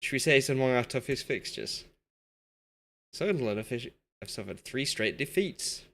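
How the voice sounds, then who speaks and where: A young Yorkshire streamer chats casually with his live chat while playing a football management game, talkative and quick to poke fun at himself. His medium-pitched voice is animated, gravelly and a bit bright, moving at normal speed.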